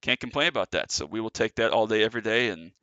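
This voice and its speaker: A man's voice: on the low side, quick pace, pushed and bright, smooth, no room sound, lo-fi sound. A man giving casual, chatty commentary on his own sim race, a little out of breath. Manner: chatty, filler-heavy, self-correcting. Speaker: sim racing streamer.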